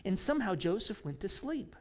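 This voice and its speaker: A man preaching a sermon, telling a story with lively swings between loud emphasis and hushed whispers. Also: high voice, fairly quick. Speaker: pastor.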